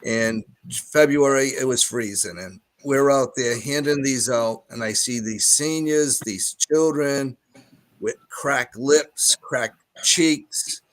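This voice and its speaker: A man's voice: mid-range voice, takes it slowly, no echo. An older man with a Rhode Island accent, chatting earnestly as a guest on a talk show. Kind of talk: casual chat.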